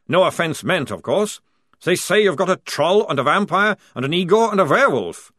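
A man's voice: sits high, animated, moderate pace, bright, forceful tone, no echo, clean studio sound, voice pushed up, full character voice. Man doing a cocky, sarcastic sergeant. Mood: mocking. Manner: sarcastic, mocking and drawling. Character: cocky, relaxed enemy sergeant, bound prisoner.

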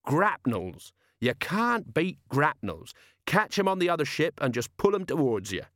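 A man's voice: fairly high pitch, sing-song, a little slow, a bit bright, dry recording, studio quality, pitched above the performer's own voice. A man voicing a sly, cheeky sea captain who drawls in working-class speech, for a storybook reading. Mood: smug.

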